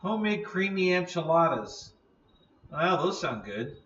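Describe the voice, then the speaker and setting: A man's voice: on the high side, sing-song, measured pace, a bit bright, reverberant, distant mic, dull audio. A man hosting a casual live stream, chatting in a rambling way, laughing often and yawning.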